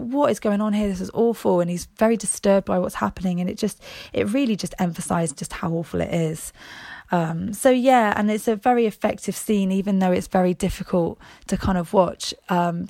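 A woman's voice: on the low side, a little mellow, dry recording. A young woman casually reviewing a film, hesitant, with lots of ums and restarts.

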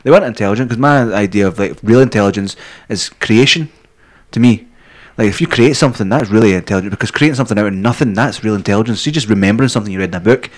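A man's voice: lowish voice, very fast. A Scottish man co-hosting a podcast, rambling and swearing constantly as he jokes. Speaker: podcast co-host. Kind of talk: crude casual chat.

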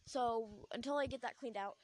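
A woman's voice: a little high, normal speed. A young woman hosting a podcast, chatting casually in a rambling, giggly way full of filler words, recorded on a small clip-on lapel mic. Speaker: podcast host. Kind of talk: casual chat.

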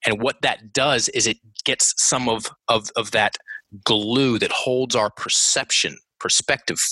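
Podcast guest, male, bright and forceful tone, dry close sound, lively explainer who stumbles and restarts. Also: medium pitch, a little slow, husky, no room sound, low-quality recording. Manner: animated, acts out quoted voices, many restarts. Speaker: guest coach. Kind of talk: conversational podcast interview.

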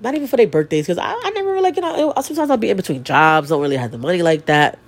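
A woman's voice: lowish voice, sing-song, racing. A young woman hosting a podcast alone, talking bluntly and profanely about her feelings, her nose stuffy. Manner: blunt, profane, emotional and confessional. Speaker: podcast host. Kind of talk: candid solo podcast monologue.

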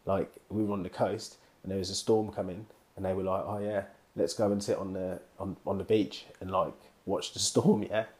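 A man hosting a casual chat, talking in a relaxed, reflective way and asking questions. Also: low voice, normal speed, hardly any pauses.

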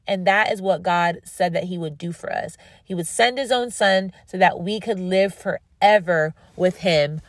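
A woman's voice: lowish voice, a little slow, hardly any pauses, no room sound, clean studio sound. Earnest woman podcaster praying aloud. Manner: earnest, preacherly, repeats phrases for emphasis. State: tired and dry-mouthed. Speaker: podcast host. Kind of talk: devotional talk and prayer.

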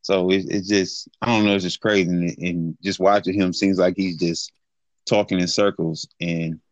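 A man co-hosting a podcast, talking casually in halting, hesitant bursts full of fillers. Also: low-pitched, little pitch movement, no room sound, muffled recording. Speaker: podcast co-host. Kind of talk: casual chat.

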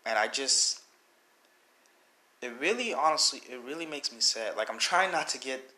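Emotional young man, bright voice. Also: mid-range voice, lively intonation, normal speed, long pauses. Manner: earnest and emotional, rambling with many restarts. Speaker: podcast host. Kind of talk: personal commentary podcast.

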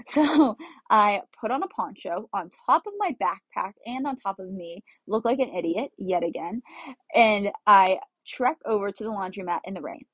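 A woman's voice: mid-range voice, lively intonation, moderate pace, slightly rough, dry recording. A young woman casually telling a travel story, chatty and laughing often as she acts out what she said. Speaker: travel vlogger.

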